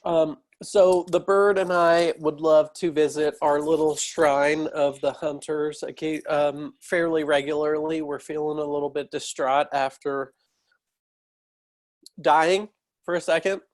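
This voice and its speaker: A male tabletop player who rambles and gropes for words as he explains his plans. His voice sits on the higher side for a man. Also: steady tone, unhurried. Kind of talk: casual tabletop game chat.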